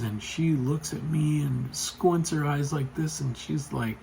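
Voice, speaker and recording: A man telling a personal story to the camera in a casual, rambling way, full of fillers, getting loud and excited as it goes. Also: fairly high pitch, measured pace, creaky, few pauses, a little hiss or hum, poor audio. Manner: chatty, rambling, with frequent fillers. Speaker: vlogger.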